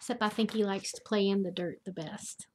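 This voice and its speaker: An older woman, reading a children's picture book aloud as a grandmother, gently chatting and asking the listeners questions. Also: mid-range voice, fairly even intonation, fairly quick, a little hiss or hum. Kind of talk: storybook read-aloud for children.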